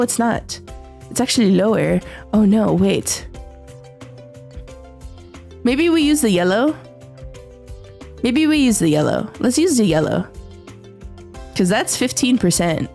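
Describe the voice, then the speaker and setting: A young woman streaming a game, chatting casually and excitably with her viewers, often giggling. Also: fairly high pitch. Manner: excitable, giggly, talks to chat. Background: faint background music.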